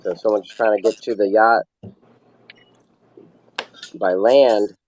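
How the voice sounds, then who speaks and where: A man's voice: on the low side, steady tone, slow pace, a little mellow, slight background noise, poor audio. A man in a casual chat, telling a rambling story in an easygoing way.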